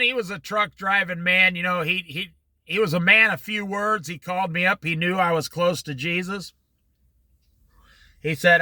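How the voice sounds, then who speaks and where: Animated, high-pitched bright man teaching. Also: no room sound. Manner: animated storytelling with quoted voices. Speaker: Bible study teacher. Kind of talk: informal Bible teaching.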